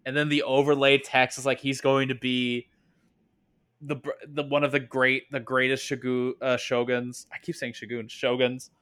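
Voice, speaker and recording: A man's voice: mid-range voice, monotone, normal speed, fairly bright tone, smooth. A man co-hosting a casual podcast chat, enthusiastic and often correcting himself mid-sentence. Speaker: podcast co-host.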